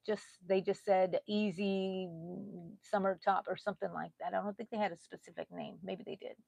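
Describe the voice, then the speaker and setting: A middle-aged Texan woman hosting a casual crochet livestream, chatty, laughing often and drifting into soft asides. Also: medium pitch, creaky, no room sound. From Texas. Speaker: crochet channel host.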